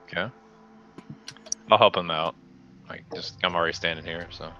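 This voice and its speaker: A man playing a tabletop game, laid-back with quick asides. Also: sits low, steady tone, bright, forceful tone, lo-fi sound, soft background music. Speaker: player. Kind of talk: casual tabletop play.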